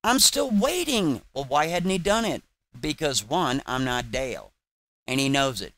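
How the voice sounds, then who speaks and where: A man's voice: medium pitch, very animated, a little slow, a bit bright. A man hosting his own channel, delivering a combative, sarcastic rant full of repeated taunts. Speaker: channel host. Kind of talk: ranting livestream commentary.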